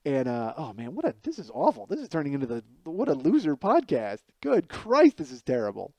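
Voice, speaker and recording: A man's voice: a little high, huge pitch swings, a little fast, warm tone, dry recording. A man in his forties, a comedian hosting his own podcast, telling a rambling, profane, self-mocking story through a headset mic. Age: 40s. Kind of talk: comic storytelling monologue.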